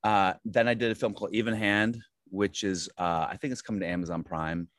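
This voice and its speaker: Low-voiced man rambling through anecdotes. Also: fairly even intonation, brisk, a bit bright, no room sound. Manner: rambling, self-deprecating storytelling with many fillers. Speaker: actor guest. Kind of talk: casual interview chat.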